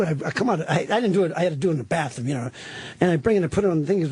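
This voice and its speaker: A man's voice: high voice, rapid-fire, husky, no echo. A middle-aged man telling rambling, profane stories in casual talk-radio banter as a comedian guest. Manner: profane, rambling, animated storyteller.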